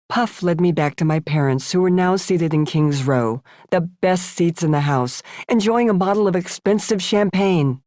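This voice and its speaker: Brief: older American woman, lowish voice, wry memoir narration, dry close studio mic. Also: animated, normal speed, a little mellow, dry recording. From United States. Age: 70s. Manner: wry, conversational storytelling. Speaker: author narrating her memoir.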